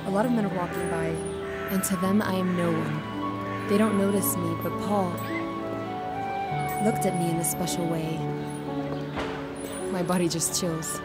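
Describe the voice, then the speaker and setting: A woman's voice: fairly low pitch, fairly even intonation, a little slow, pauses often, close to an everyday voice. A woman voicing a heartbroken young woman in a dubbed film drama, talking in a wistful, confiding way. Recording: loud music under dialogue.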